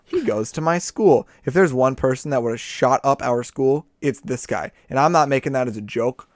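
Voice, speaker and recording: A man's voice: mid-range voice, fairly quick, no echo. A young man co-hosting a podcast, telling rambling stories in a sardonic, casual way. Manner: rambling, sardonic, laughs often. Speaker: podcast co-host. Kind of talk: casual storytelling chat.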